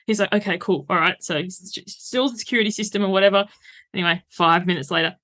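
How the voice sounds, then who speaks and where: A woman's voice: mid-range voice, fast, fairly bright tone. A woman, a coach talking frankly as an interview guest and breaking into laughter as she tells stories. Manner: straight-talking, laughs while telling stories. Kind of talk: casual conversational interview.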